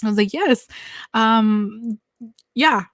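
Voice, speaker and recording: A woman's voice: mid-range voice, moderate pace, dry recording. A young woman, a podcast guest, telling her personal story and animatedly acting out the people she quotes. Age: young adult. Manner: animated, acts out quoted voices, talks with hands. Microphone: lavalier mic.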